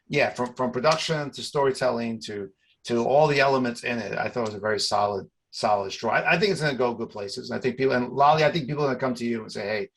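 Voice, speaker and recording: A man's voice: mid-range voice, creaky, a bit bright. A man from Brooklyn hosting a casual interview, agreeing often and restarting his sentences. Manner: agreeable, many yeahs and restarts. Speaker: podcast host and filmmaker.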